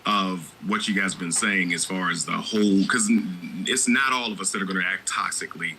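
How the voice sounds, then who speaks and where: A man's voice: sits low, fairly quick, pushed and bright, slight background noise, rough recording. A man co-hosting a podcast, talking emphatically and addressing listeners directly. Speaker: podcast co-host. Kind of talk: casual podcast chat.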